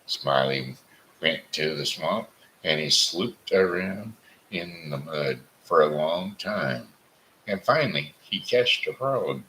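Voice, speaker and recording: A man reads a folksy tale aloud in a very deep voice, slow and deliberate, now and then restarting a word. His tone is bright and a faint hiss runs underneath. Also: low-quality recording. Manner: deliberate reading with frequent restarts. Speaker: host reading a story aloud. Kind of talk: storybook reading.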